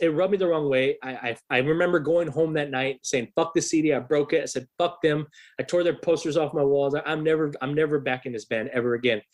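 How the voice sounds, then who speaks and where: A man in his thirties, a musician guest on a podcast, telling a story in a casual, swearing, animated way. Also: fairly high pitch. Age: 30s. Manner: swears freely, animated retelling.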